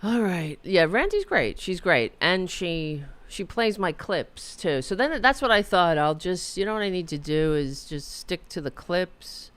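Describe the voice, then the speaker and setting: A middle-aged woman hosts her own talk show from her apartment, her fairly low, slightly bright voice animated and a little slow with hardly any pauses and no echo. She rambles, jokes at her own expense, and reads viewer chat messages aloud.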